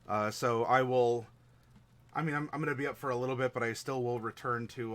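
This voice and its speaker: A tired, sleep-deprived man is wrapping up the tabletop game stream he runs as game master, rambling with lots of fillers and restarts. His mid-range voice is fairly bright and steady, a little fast.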